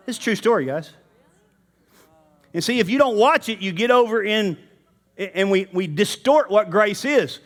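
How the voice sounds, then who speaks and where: A man's voice: high voice, expressive, moderate pace, a bit bright. A man preaching a sermon in church, talking casually and straight to the congregation. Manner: conversational, addresses the congregation directly.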